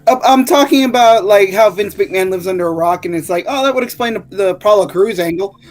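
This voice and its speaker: A man in a casual chat, dropping quick sarcastic interjections. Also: sits high, soft background music.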